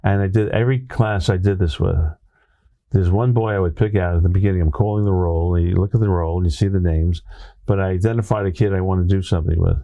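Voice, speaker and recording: A Brooklyn-accented ex-teacher recounts a classroom anecdote in conversation as an interview guest, lively and fond of the tag "right?". He sits low and speaks quickly, in a dry recording with dull audio.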